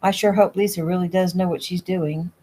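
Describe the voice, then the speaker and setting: A woman's voice: on the low side, steady tone, fairly quick, mellow, slightly rough, low-quality recording. A woman reading the lines of an easygoing, teasing young rancher man, in a casual audiobook reading at home. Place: home room.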